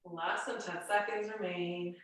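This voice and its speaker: A woman's voice: fairly low pitch, steady tone, a little slow, a bit bright. A woman fitness instructor with a congested, nasal voice, giving chatty, reassuring cues through a guided workout. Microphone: camera mic at a distance. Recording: very echoey room, voice far from mic.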